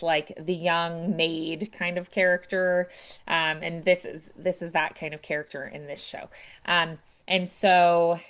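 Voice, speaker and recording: A woman's voice: on the low side, fairly bright tone, clear, resonant tone. A young woman voice teacher chatting through an opera scene with many fillers, acting out the characters' lines with a raised voice. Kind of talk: explaining an opera scene to a student.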